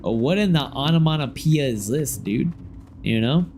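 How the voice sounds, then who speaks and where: A young man from Ohio chatting casually on a game stream, loose and slangy, now and then breaking into sudden excited shouts. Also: a little high, moderate pace, soft background music.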